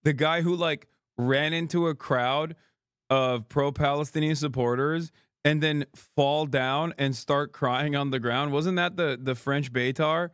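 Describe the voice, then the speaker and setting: A man's voice: a little high, steady tone, unhurried, fairly bright tone, clear, resonant tone, no echo, studio quality. A man hosting a livestream, reacting to news in a casual, sarcastic, profane, joking way. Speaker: streamer host.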